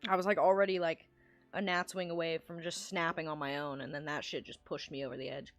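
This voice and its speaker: A woman's voice: sits low, little pitch movement, fast talker, soft background music. A woman streamer in casual livestream chat, ranting and rambling with lots of swearing.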